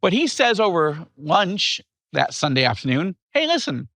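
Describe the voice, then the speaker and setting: A man in his fifties from upstate New York, telling his life story as an interview guest in an animated way. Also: fairly high pitch, unhurried, no echo. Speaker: guest author.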